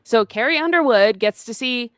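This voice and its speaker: A woman's voice: on the high side, animated, normal speed, fairly bright tone, clear, resonant tone, no room sound, studio quality. A woman co-hosting a podcast, chatting casually with blunt, sardonic remarks and short replies. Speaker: podcast co-host.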